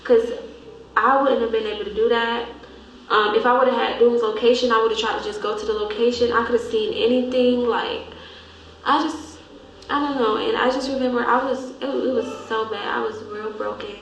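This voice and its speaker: A young woman hosting a vlog, telling a painful memory in a halting, grieving way that trails off softly. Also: fairly high pitch, fairly even intonation, a little hiss or hum. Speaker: vlog host. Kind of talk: emotional storytelling. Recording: echoey room.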